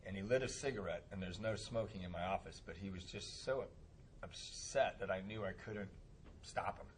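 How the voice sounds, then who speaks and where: A man speaking at a recovery meeting, telling a personal story in a casual, animated way and laughing often. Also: low voice, moderate pace, slight background noise. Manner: animated, laughs often, acts out voices in quotes.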